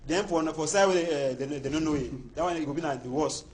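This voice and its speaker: A man's voice: fairly high pitch, fast. A man from Cameroon speaking Cameroonian Pidgin English as a panelist in a heated studio debate, emphatic and repeating words as he builds his points.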